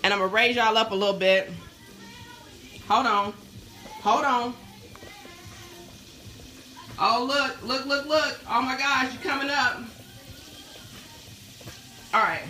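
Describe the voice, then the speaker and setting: On a live cooking stream shot with a phone on a stand in her home kitchen, a young host talks to viewers over sizzling bacon and faint background music, often getting sidetracked. Her slightly high voice is sharp in tone, at normal speed with long pauses.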